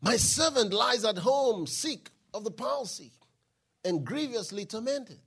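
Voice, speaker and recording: A man preaching a sermon, reading scripture aloud and building to shouted declarations. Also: very high voice, lively intonation, unhurried, husky. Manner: Bible reading with call-and-response, rising to shouted declarations.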